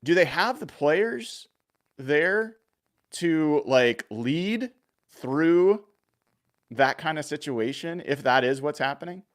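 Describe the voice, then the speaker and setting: A man's voice: fairly high pitch, expressive, slow. A man hosting a sports podcast, asking long, rambling questions full of fillers in casual talk. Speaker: podcast host.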